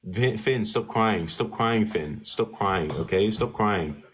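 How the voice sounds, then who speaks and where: A man's voice: on the low side, takes it slowly, a bit bright. A man hosting a heated live-stream debate, talking down to a caller in a mocking, repetitive way. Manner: condescending, mocking, repeats himself. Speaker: TikTok live debate host.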